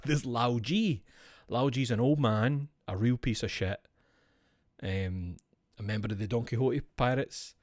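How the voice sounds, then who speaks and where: A man's voice: mid-range voice, a little slow, a little mellow, dry recording, clean studio sound. A man streaming, chatting casually in a rambling, profane, jokey way.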